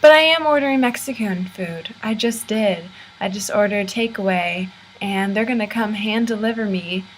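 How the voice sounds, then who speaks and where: A woman's voice: medium pitch, slight background noise, poor audio. A young American woman ranting in a casual vlog, filmed on a laptop's built-in mic in her university room. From United States. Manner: chatty, exasperated ranting. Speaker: vlogger. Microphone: laptop built-in camera mic.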